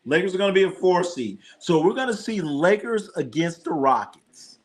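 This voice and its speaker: The host of this live sports stream is a man with a high, sing-song voice and a moderate pace. He rambles on, swears without much thought, reacts to the scores, speaks to his chat, and tosses out joking anecdotes.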